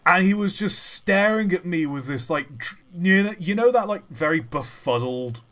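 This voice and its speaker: A young man, chatting and telling stories casually on a live stream, animated and dropping the odd swear word. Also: sits high, moderate pace.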